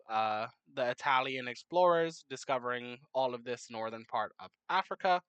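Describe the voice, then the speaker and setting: A young adult talks through a map timelapse in casual commentary, rambling and correcting themselves as they go. The pitch sits in an ordinary middle range. The recording is dry and close, with no room sound. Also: fairly bright tone, clear, resonant tone, no room sound, low-quality recording. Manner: rambling, many fillers and self-corrections, joking asides. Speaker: narrator of a map timelapse series.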